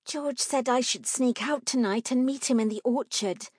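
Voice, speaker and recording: A woman's voice: a little high, moderate pace, a little mellow, breathy edge, no room sound, clean studio sound, voice pushed up. A woman reading aloud, voicing a stubborn, proper ten-year-old girl who speaks primly and argues firmly. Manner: prim, firm and argumentative.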